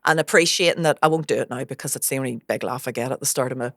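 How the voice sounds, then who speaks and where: A woman hosting a podcast, chatting casually with quick asides and frequent laughter. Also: extremely low pitch, fairly bright tone, dry recording, studio quality. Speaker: podcast host and stand-up comedian. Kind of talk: casual chat.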